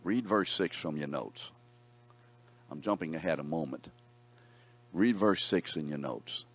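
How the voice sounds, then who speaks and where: A man's voice: extremely low pitch, animated, measured pace, a bit bright. A man teaching a Bible class, reading scripture aloud and putting questions to his students in a conversational way.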